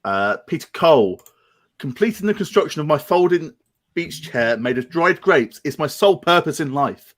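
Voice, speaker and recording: A man's voice: fairly high pitch, animated, moderate pace, a bit bright. A man reading out listener jokes on a pun show, self-deprecating and stumbling over French words.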